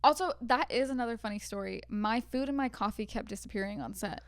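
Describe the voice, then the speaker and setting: A woman's voice: a little high, fast, no room sound, clean studio sound. A young woman co-hosting a podcast, telling stories from a film set in casual chat, full of "like" fillers. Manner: chatty storyteller, many "like" fillers. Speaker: podcast co-host.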